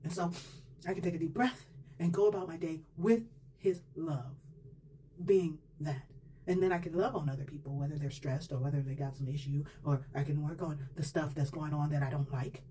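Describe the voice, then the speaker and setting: A woman's voice: deep voice, normal speed, dark tone. A woman giving a personal faith testimony in a colloquial, emphatic storytelling manner. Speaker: testimony speaker. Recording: distant mic with faint background noise.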